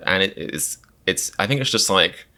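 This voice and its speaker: A man's voice: sits low, lively intonation, normal speed, sharp tone. A man giving casual reaction commentary as a comedian, chatty and wry, with lots of fillers and self-mocking asides.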